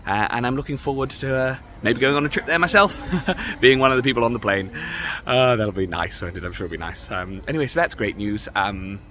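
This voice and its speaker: A man's voice: medium pitch, brisk, bright, forceful tone, lightly acted. A man playing a bumbling male government minister, hesitant and full of ums and uhs. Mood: cheerfully awkward.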